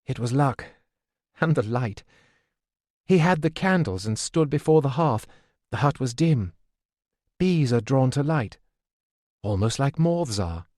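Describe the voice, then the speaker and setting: Audiobook figure: practical, stubborn young woman, voiced lightly by a man, matter-of-fact and brisk; dry booth sound. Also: mid-range voice, animated, darkish tone, no echo.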